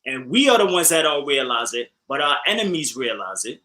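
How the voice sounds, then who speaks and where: A man co-hosting a talk show, speaking in an animated way and often calling the listeners family. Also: mid-range voice, brisk, poor audio. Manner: animated, repeats phrases, addresses listeners as family. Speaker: co-host. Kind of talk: casual commentary.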